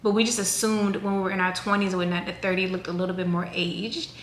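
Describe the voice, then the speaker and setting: A woman's voice: mid-range voice, quick pace. A woman in her thirties chats to her viewers in a loose, rambling way, full of asides. Her voice bounces around a reverberant room, with a faint hiss of background noise underneath. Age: 30s. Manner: chatty, rambling, animated. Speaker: vlogger. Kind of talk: casual chat to camera.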